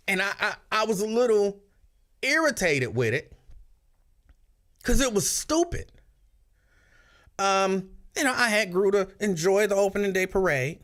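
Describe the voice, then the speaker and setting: A man hosting a radio show, telling stories in casual chat and slipping into shrill impressions. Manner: animated storyteller, breaks into shrill yelling impressions.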